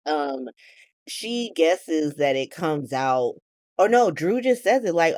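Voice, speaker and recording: A woman's voice: sits low, expressive, slow, darkish tone, no echo, clean studio sound. A woman hosting a soap opera recap, narrating casually in profane slang.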